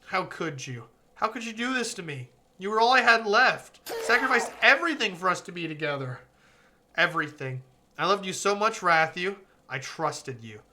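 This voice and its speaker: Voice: medium pitch, sing-song, normal speed, background noise, close to an everyday voice. A streamer reading aloud as a young woman game character, a club president who pleads, accuses and then turns remorseful. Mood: accusing.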